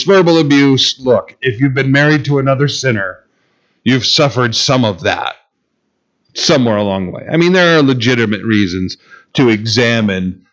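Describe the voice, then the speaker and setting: A man's voice: mid-range voice, lo-fi sound. A man preaching a conversational sermon on love and forgiveness, joking and chuckling as he goes. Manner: conversational, humorous, chuckles often.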